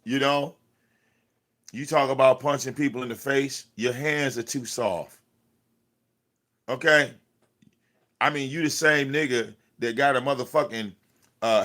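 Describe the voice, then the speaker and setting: A man's voice: mid-range voice, a little slow, pauses often, a bit bright. A man hosting a livestream, ranting at someone in a confrontational, profane way and repeating himself. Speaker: livestream host. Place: cluttered home room.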